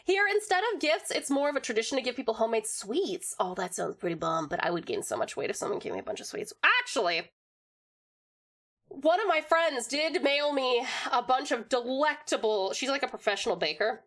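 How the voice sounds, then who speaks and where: On her livestream, a young woman from Tasmania, Australia, talks in a very animated, highish voice while she says hello to viewers and reads the chat. Her manner is giggly and bubbly, jumping quickly between things and dropping the odd swear word.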